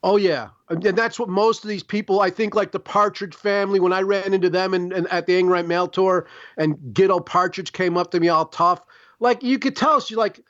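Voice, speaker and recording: A middle-aged man from Chicago talks in a loose, profane ramble, filling his sentences with "like" and "you know". His voice sits high for a man. The recording is dry and a little dull. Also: moderate pace, fairly bright tone, no echo. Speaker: podcast guest, publisher. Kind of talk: casual interview storytelling.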